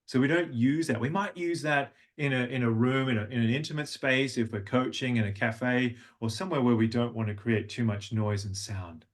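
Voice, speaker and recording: A man's voice: medium pitch, moderate pace, few pauses. A man working as a voice coach, leading a live workshop and patiently talking participants through vocal exercises. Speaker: language and voice coach.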